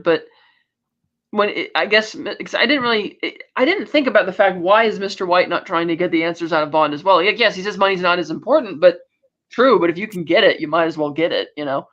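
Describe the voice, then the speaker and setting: On a casual podcast, a male co-host with a strikingly high voice recaps a movie. His retelling is full of animated energy, and he stumbles, uses fillers, and starts over often. The audio sounds dull and lo-fi.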